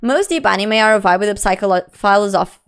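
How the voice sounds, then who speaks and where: A woman's voice: medium pitch, brisk, fairly bright tone, clear, resonant tone. A young adult woman streamer chatting casually and reading her chat aloud. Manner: chatty, reads chat aloud, frequent laughs and "like".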